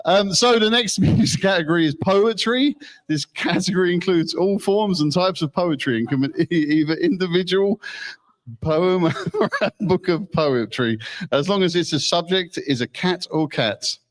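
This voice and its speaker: A man's voice: sits high, normal speed. A man presenting awards at a ceremony, reading winners in a joking, giggly way and often stumbling over words.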